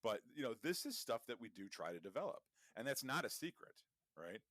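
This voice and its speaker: A man's voice: medium pitch, big pitch swings, a little fast, fairly bright tone, no room sound, clean studio sound. A man co-hosting a podcast, chatting casually with a lot of swearing and wandering tangents. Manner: profane, rambling, digressive. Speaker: podcast co-host.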